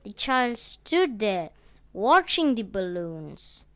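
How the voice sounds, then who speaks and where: A woman slowly and deliberately reading a children's story aloud as its narrator. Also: medium pitch, very animated, no echo, lo-fi sound.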